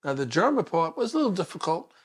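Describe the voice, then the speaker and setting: Animated New man in his sixties. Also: high voice, quick pace, slightly rough. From Brooklyn, New York. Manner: animated storyteller who acts out the people he quotes. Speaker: guest, detective. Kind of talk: personal storytelling in a sit-down interview.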